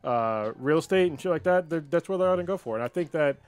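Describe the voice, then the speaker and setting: A man's voice: fairly high pitch, quick pace, clear, resonant tone, faint music behind. A man co-hosting a podcast, telling a story with lots of swearing and acting out the characters' lines. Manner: profane, animated storyteller who acts out the characters' lines. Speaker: podcast co-host. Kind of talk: casual chat, retelling a story.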